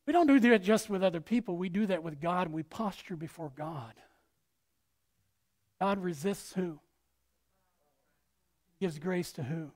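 A woman pastor preaching a sermon in an animated way, acting out quotes with big swings in loudness. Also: fairly low pitch, unhurried, long pauses.

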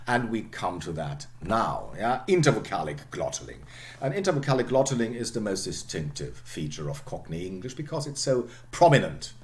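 Deep-voiced man lecturing with lively intonation. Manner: explanatory, frequent "okay" and "um", voice drops low at phrase ends. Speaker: university lecturer.

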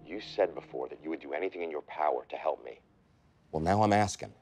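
A man's voice: extremely low pitch, expressive, fast, a little mellow, soft background music. An actor playing a brash, anxious male lawyer who talks bluntly and emotionally. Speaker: law firm partner.

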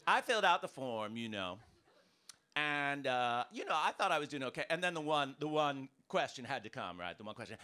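An American man doing a stand-up comedy set in a club, ranting with punchy, animated delivery. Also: mid-range voice, fairly quick, smooth. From United States. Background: audience laughter.

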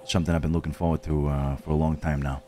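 A man voicing a brooding, hot-tempered mob boss in a game roleplay, cursing and moving from low, measured talk to shouting. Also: flat delivery, slight background noise. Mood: solemn, determined. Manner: swears heavily, swings from low and measured to shouting. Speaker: roleplay streamer. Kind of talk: gangster roleplay. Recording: game stream with music underneath.

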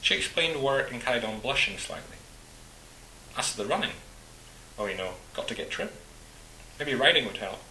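A man calmly reading a short story aloud in a measured narrating voice. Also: mid-range voice, roomy sound, slight background noise, low-quality recording.

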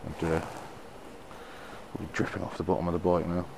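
A man's voice: deep voice, level tone, a little fast, gravelly. A man filming himself while riding a motorbike through town, swearing and ranting at the traffic as he chats to the camera. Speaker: motorbike vlogger. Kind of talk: casual riding commentary. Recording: noisy wind and traffic.

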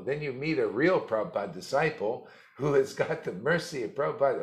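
A man's voice: medium pitch, expressive, fairly quick. A man giving a rambling, blunt spiritual talk, mocking and laughing often. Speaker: spiritual teacher. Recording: echoey room.

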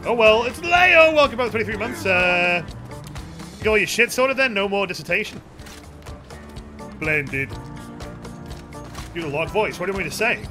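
A man streaming a game, chatting casually with viewers, excitable and swearing freely. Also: sits high, fairly quick, pauses often. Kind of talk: casual gameplay commentary. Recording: game music playing behind.

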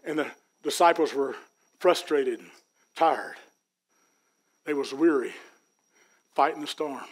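A man preaching a sermon in a church, folksy and rising to loud peaks. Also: on the high side, slow pace, long pauses, slightly rough. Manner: folksy preaching, Southern US dialect, builds to shouts. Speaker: pastor. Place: church sanctuary.

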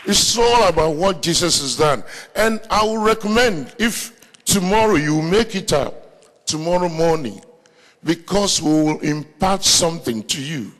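High, bright-voiced African-accented preacher. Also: male voice, a little slow, in a large hall. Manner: animated storytelling preacher, bursts into shouts. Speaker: pastor. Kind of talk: sermon. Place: large church hall, live meeting.

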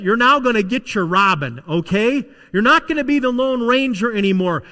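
High, bright-voiced preaching pastor. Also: male voice, in a large hall. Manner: dramatic preaching, swinging between loud emphasis and hushed tones. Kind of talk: sermon. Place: church sanctuary.

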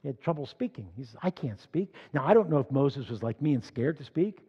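A man's voice: mid-range voice, animated, quick pace, breathy edge. An older man preaching a sermon, telling stories and reading scripture aloud with rising force. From Philadelphia. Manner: storytelling, rising loud when reading scripture. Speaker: congregation leader. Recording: dull echoey church hall recording.

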